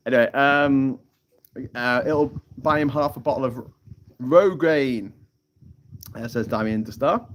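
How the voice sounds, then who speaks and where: A man's voice: mid-range voice, moderate pace. A man hosting a casual live stream, telling a rambling story with frequent laughs and some swearing, speaking into a phone outdoors on an island.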